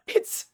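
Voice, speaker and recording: A woman livestreamer chatting casually with her viewers, rambling along with frequent restarts and laughs. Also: dark tone. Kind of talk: casual chat with stream viewers.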